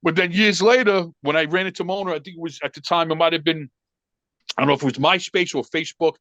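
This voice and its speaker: New guy spinning a yarn, acts out every quote, fairly high voice. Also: quick pace, dry recording. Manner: animated storyteller acting out quotes, frequent swearing. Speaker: podcast guest. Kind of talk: casual storytelling.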